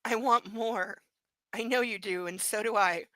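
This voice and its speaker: A woman's voice: medium pitch, unhurried, bright, forceful tone, no echo, poor audio. A woman reading as a coaxing, controlling young man.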